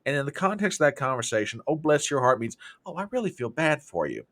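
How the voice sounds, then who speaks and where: A man from the American South with a Southern accent, hosting a casual chat and telling folksy sayings in an animated way. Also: fairly high pitch, fast. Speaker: podcast host.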